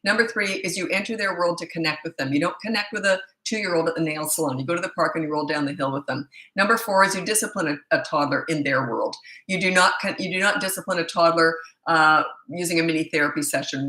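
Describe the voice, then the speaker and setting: A woman's voice: low voice, bright, forceful tone, roomy sound. A middle-aged woman parenting coach reading viewer questions and answering them in a blunt, opinionated, casual way.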